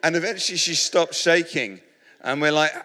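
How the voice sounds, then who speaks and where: A man's bright, forceful voice, on the high side and at a normal speed, fills a large reverberant hall as he preaches. He speaks with a British English accent, telling humorous stories in a rambling, self-mocking way with many restarts.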